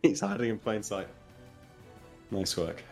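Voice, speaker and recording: A man playing a tabletop game with friends, chatting casually, animated and laughing as he lectures playfully. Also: lowish voice, a little slow, soft background music. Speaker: player.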